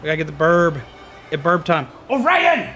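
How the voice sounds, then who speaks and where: Goofy male game streamer, high and very animated, with game music under him. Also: normal speed. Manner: excitable, goofy, talks to his pet bird. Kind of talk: casual livestream chat.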